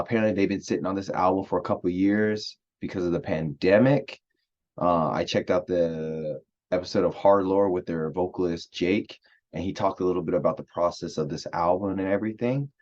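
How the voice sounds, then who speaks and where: Low-voiced guy chatting about an album. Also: a little mellow, dull audio. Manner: chatty, filler-heavy, enthusiastic. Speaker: album reviewer. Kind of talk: casual music review monologue.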